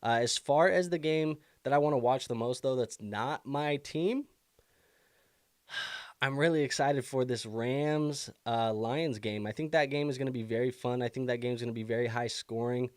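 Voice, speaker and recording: Answering viewers casually on his live fantasy football stream, a young man thinks aloud with plenty of fillers and is bothered by the hiccups. He speaks at a moderate pace with a medium pitch, and no room sound is audible.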